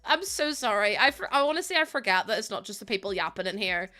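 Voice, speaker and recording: This young woman streamer has a Northern Irish accent and is from Northern Ireland, talking fast at a medium pitch. She chats casually and giggles with her live chat in a loose, animated, chatty way.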